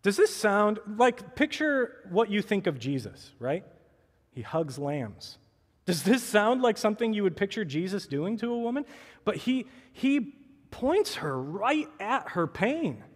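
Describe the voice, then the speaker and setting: High-voiced pastor in a reverberant church. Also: male voice, very animated, measured pace. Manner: conversational preaching, acts out quoted voices. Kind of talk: sermon. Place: church sanctuary. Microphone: clip-on mic. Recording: long church hall reverb.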